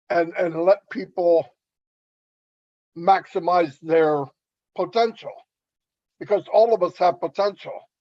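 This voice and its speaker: A man's voice: fairly high pitch, a little mellow, dry recording. Earnest man with a muffled dry sound. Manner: earnest, rambling with restarts. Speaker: webinar speaker. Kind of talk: testimonial talk.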